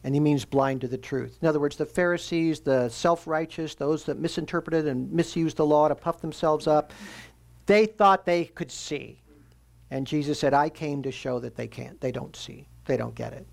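A man preaching a sermon as pastor, teaching earnestly and slowing down to stress key phrases. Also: on the high side, vocal fry.

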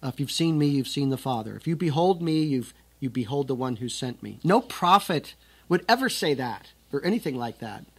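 A man's voice: mid-range voice, animated, a little fast, fairly bright tone, husky. A man teaching scripture, reading the verses aloud with strong emphasis and then explaining them in a conversational way. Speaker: Bible teacher.

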